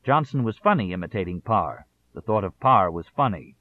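A man narrating a nonfiction audiobook in a measured, deliberate manner. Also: lowish voice, lively intonation. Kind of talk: scripted narration. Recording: tinny phone-like audio.

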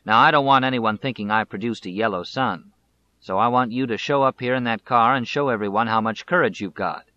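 A man's voice: medium pitch, fairly quick, bright, forceful tone, muffled recording, lightly acted. A man reading aloud the lines of a stern, harsh middle-aged rural father, in a firm, commanding way.

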